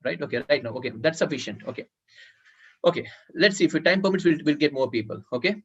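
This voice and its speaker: This man's voice sits fairly high, animated and a bit bright with a slight roughness, and he talks fast. He's running an online public speaking workshop on a video call, giving directions and repeating words for people to note, all in dull lo-fi call audio.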